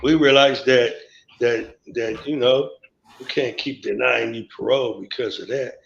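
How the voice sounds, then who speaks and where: A man with a gravelly voice tells a long, winding story on a live stream and acts out the words of everyone in it. His pitch sits in an average range. The sound is dull and lo-fi, with a roomy echo around it. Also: normal speed, a bit bright. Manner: rambling, acts out quoted dialogue. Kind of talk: storytelling memories. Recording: echoey, dull lo-fi stream audio.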